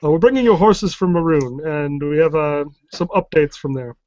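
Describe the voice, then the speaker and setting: A man's voice: fairly high pitch, lively intonation, normal speed, darkish tone, dull audio, close to an everyday voice. A man voicing a male adventurer in a tabletop game, speaking hesitantly.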